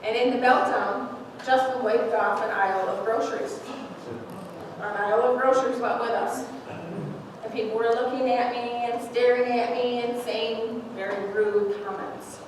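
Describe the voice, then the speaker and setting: In a noisy church sanctuary with lots of echo and a far-off microphone, a woman in her forties tells an emotional story of her own, heartfelt and laughing through tears. Her pitch sits a little high, her tone is steady, and her speed is normal.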